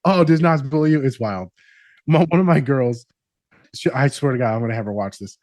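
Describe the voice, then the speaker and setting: A man's voice: medium pitch, lively intonation, a little fast, a little mellow, no room sound. A man, a therapist guesting on a podcast, talking in a brash, profane, teasing way and laughing often. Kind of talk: casual podcast chat.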